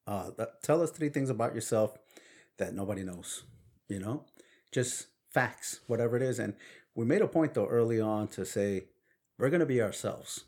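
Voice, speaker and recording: A man's voice: lowish voice, normal speed. A man with a Brooklyn accent, telling stories in a casual couple's chat and laughing often. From Brooklyn, New York. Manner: animated, laughing storyteller.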